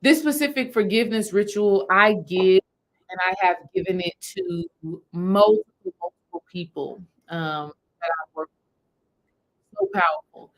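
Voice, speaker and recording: In poor audio, a woman spiritual healing coach with a mid-range voice and big pitch swings talks a live audience through a meditation. She takes her time, going step by step in a relaxed, repetitive way.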